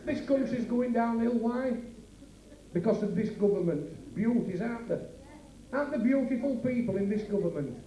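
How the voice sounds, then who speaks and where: A man's voice: very high voice, animated, normal speed, warm tone. A man with a Yorkshire accent doing a bawdy stand-up routine at a working men's club, bantering brashly with the crowd. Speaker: club comedian. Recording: echoey club from far off, faint ambience, 1980s.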